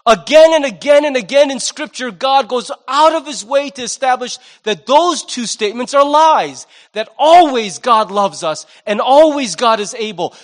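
A fairly high-voiced man in his forties preaching from the pulpit. He speaks with lively conviction and slips into character voices to act out the people he quotes. His delivery shifts between intense emphasis and casual asides. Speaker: pastor. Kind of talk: sermon.

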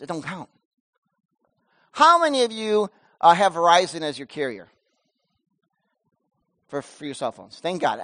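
A middle-aged man preaching a sermon as pastor, telling stories with big swings between loud emphasis and quiet asides. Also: dry recording, studio quality. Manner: animated storytelling with wide swings in pitch and loudness.

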